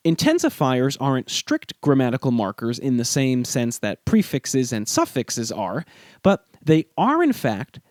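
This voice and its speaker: A podcast host narrates a scripted language lesson in a measured, explanatory way, his pitch moving a lot and rising sharply on stressed key words. The recording is close and dry, with no room sound.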